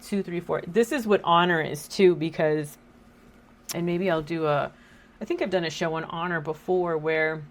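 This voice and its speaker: A woman in her thirties hosting a casual faith talk, chatty and joking, quoting scripture. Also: lowish voice. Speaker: host.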